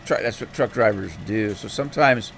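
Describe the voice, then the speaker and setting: A man's voice: fairly low pitch, moderate pace, gravelly, fairly bright tone, a little hiss or hum. A man streaming a farming game, telling a folksy, rambling story with plenty of fillers and restarts. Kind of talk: casual storytelling while gaming.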